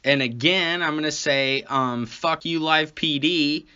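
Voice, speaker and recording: A man tells a comic story slowly, rambling and swearing, with many restarts. His voice is bright and forward, on a dull, lo-fi recording. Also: fairly high pitch, smooth. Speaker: comedy podcast host. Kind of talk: casual comedic storytelling.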